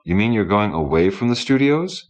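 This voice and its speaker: Man reading an eager, wide-eyed young woman, pitched up from a deep voice. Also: animated, fairly quick, lightly acted. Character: eager, naive young woman seeking fame.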